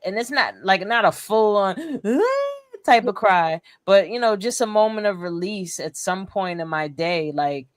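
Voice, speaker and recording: A woman's voice: mid-range voice, normal speed, hardly any pauses, dry recording. A young woman co-hosting a casual chat, earnest and supportive, with slangy talk and frequent "like.". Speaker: co-host, emotional wellness teacher.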